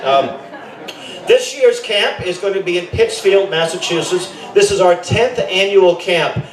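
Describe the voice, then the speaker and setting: High-voiced middle-aged man, echoey and distant. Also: measured pace. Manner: rambling, with frequent self-corrections and joking asides. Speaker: camp director speaking at a rally. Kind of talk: informal rally speech.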